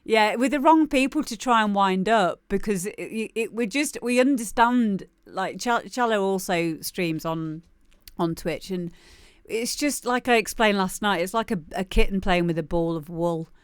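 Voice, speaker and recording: A woman's voice: mid-range voice, moderate pace, smooth, dry recording, clean studio sound. A woman hosting a live music demo show, chatting casually and laughing often. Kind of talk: casual live-stream chat.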